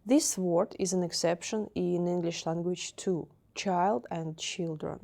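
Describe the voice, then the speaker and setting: A woman teacher with a Russian accent giving a beginner grammar lesson, repeating each word slowly several times. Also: on the low side, creaky, mellow. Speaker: language teacher.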